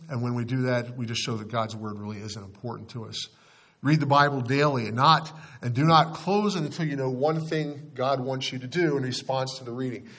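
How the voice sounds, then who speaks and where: A man's voice: medium pitch, a bit bright. A man leading a Bible study sermon, speaking plainly and earnestly, with frequent fillers and restarts. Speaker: pastor.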